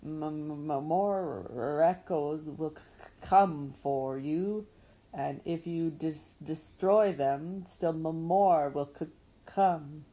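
A woman voicing a dying male hunter robot that speaks in a quiet, garbled, stuttering voice. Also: sits low, slow, poor audio. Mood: menacing, dying.

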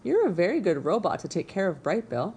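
Shy little beaver kid, soft and quiet, lady reading it. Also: lowish voice, very animated, a little fast, a little hiss or hum. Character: shy young male beaver, a son.

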